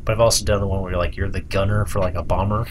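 A man's voice: sits low, flat delivery, racing, slight background noise. A man chatting casually about video games, rambling with lots of "like" and swearing. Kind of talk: casual gaming chat.

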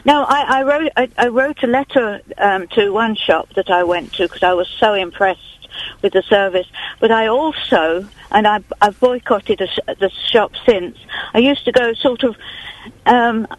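A woman's voice: a little high, normal speed, dry recording, poor audio. A woman calling into a radio phone-in, chatting earnestly and rambling a little. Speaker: caller. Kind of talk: phone-in chat.

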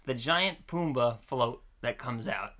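An easygoing man co-hosting a casual podcast, laughing often as he talks. His voice is bright and forward at a middle pitch. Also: expressive, takes it slowly. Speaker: podcast co-host. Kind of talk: casual chat.

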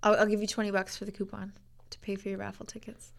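A woman's voice: mid-range voice, monotone, quick pace, creaky. A woman co-hosting a casual chat, teasing her friend and laughing a lot. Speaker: podcast co-host.

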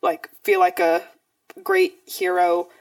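Her pitch sits on the low side, slow and sing-song with a creaky quality. A young podcast co-host, she rambles through casual chat full of fillers, captured dry on a far-off mic.

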